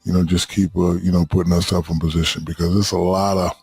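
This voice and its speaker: A man's voice: deep voice, little pitch movement, fast talker, a little mellow. A middle-aged man telling loose, profane stories as a podcast guest in casual chat.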